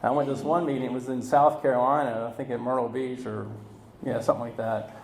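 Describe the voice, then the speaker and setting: A man speaking at a recovery meeting, telling his story in a halting way, full of fillers and restarts. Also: mid-range voice, level tone, darkish tone, slight background noise. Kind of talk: personal recovery talk. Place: meeting room. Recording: echoey room recording.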